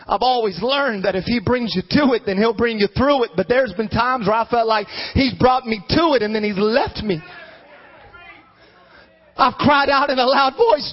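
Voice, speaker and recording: A man with a strikingly high voice preaches a sermon as a bishop, rising into fervent shouts and then dropping to quiet asides. The recording is dull and lo-fi. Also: moderate pace. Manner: emphatic preaching, swinging from shouts to low asides.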